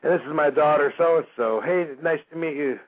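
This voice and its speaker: A Michigan man hosts a radio show, casually telling a story full of fillers and acting out the voices of the people in it with animated energy. His voice is on the high side at a moderate pace, and the audio is phone-like narrow-band radio sound.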